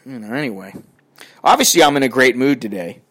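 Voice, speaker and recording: A man's voice: mid-range voice, animated, brisk, fairly bright tone, breathy edge. An older man ranting in a crotchety, profane and rambling way as he talks to his viewers. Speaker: vlogger. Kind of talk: casual rant to camera.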